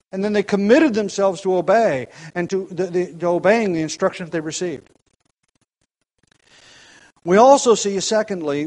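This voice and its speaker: A man preaching a sermon at an evening church gathering, earnest and deliberate, slowing down and rising in force on key points. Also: sits high, low-quality recording. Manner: earnest, builds emphasis by slowing down and getting louder.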